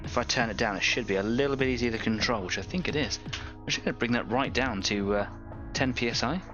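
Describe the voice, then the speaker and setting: A man's voice: mid-range voice, quick pace, lo-fi sound, over music. A man hosting a live painting stream, chatting casually, rambling and laughing at his own jokes.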